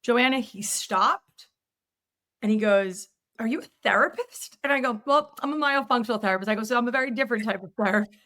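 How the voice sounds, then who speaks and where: A woman's voice: a little high, a little fast. A woman podcast host and myofunctional therapist telling a story in conversation, acting out the quoted dialogue with energy. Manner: animated, acts out quoted dialogue in her stories.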